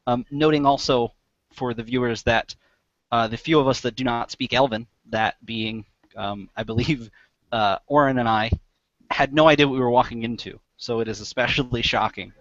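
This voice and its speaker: A man's voice: medium pitch, normal speed, a bit bright, no room sound. Hesitant, rambling male player, dry close sound, dull lo-fi audio. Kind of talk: casual game talk.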